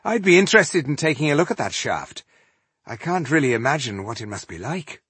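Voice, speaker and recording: A man's voice: medium pitch, sing-song, fairly quick, fairly bright tone, breathy edge, no room sound, pitched above the performer's own voice. A man voicing a fussy, theatrical male fourthling with a dramatic, gloomy way of talking. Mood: admiring.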